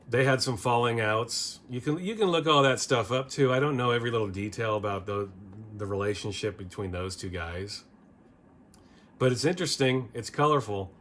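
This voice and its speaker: A man's voice: fairly low pitch, fairly bright tone. Man rambling through an album review. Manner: rambling, opinionated, frequent restarts. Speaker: music video host. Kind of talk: casual record review.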